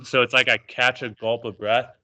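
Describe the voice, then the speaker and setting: A man in a group call, speaking loudly and going through things step by step. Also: mid-range voice, flat delivery, normal speed, no echo. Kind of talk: casual chat on a call.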